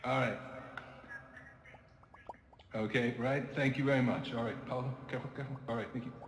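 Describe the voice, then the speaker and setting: A man's voice: medium pitch, fairly even intonation, fairly quick, a little hiss or hum. A man co-hosting a live virtual reality event, upbeat and a bit flustered. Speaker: event co-host. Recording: echoey virtual hall with long reverb.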